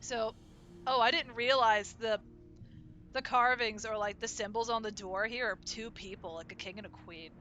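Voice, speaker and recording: Bright-voiced young woman streamer. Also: a little high, fairly even intonation, moderate pace, soft background music. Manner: chatty and self-deprecating. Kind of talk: casual gameplay chat.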